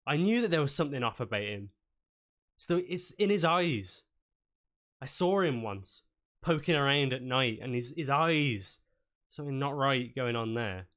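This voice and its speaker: A man voicing a gruff, fatherly middle-aged shopkeeper who fusses and scolds loudly. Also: medium pitch, animated, moderate pace, natural voice. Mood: suspicious.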